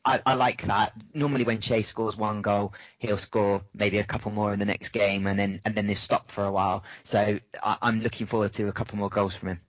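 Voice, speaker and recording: A man guests on a casual podcast and thinks aloud, often restarting his sentences. His voice sits a little low and is recorded dry, with a slightly muffled lo-fi sound. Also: level tone, fairly quick, few pauses, dry recording. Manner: rambling, repeats words while thinking aloud. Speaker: guest comedian.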